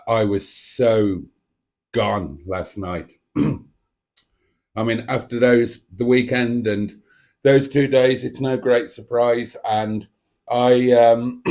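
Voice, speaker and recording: A man's voice: mid-range voice, a little mellow. Rambling man hosting a livestream. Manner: rambling, self-mocking, theatrical. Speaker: livestream host. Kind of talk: casual live stream chat. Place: home dining room. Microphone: desk microphone.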